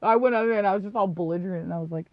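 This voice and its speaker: With a medium-pitched, rapid-fire delivery, this woman co-hosts a podcast and rambles through crude anecdotes, frequently laughing and imitating the people in them. There's no echo, and the audio is dry, dull and lo-fi.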